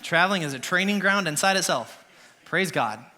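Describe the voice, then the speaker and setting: A man in his thirties, a worship pastor preaching a sermon in church, animated and laughing as he acts out scenes. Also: high-pitched, moderate pace.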